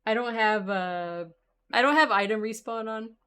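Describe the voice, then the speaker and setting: A woman's voice: fairly high pitch, normal speed, a bit bright, clean tone. A woman streamer giving casual gameplay commentary, thinking aloud and trailing off with fillers while her voice is starting to go. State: losing her voice.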